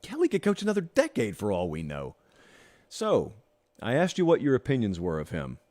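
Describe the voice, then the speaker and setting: A man hosts a solo sports talk show, addressing viewers directly. His pitch leaps around as he talks, and he leans into a dry, sarcastic edge. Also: huge pitch swings, normal speed, warm tone. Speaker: host.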